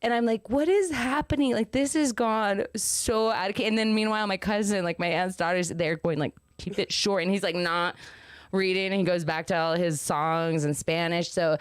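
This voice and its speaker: Smooth-voiced woman telling a funny story. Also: on the low side, normal speed, no room sound, studio quality. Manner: animated, laughs often while telling a story. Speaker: podcast host. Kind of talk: casual storytelling chat.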